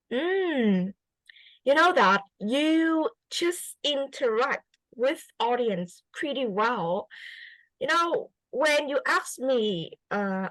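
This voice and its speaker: A woman's voice: on the high side, fairly bright tone, dry recording, rough recording. A woman with a Vietnamese accent giving an English student spoken feedback, encouraging and repeating her phrases with many fillers.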